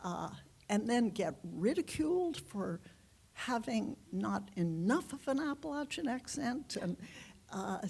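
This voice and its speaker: A woman being interviewed as a guest author, answering in an unhurried, reflective way with pauses and fillers. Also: on the high side, very animated, gravelly, darkish tone, breathy edge. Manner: unhurried, reflective, halting with fillers and light laughs.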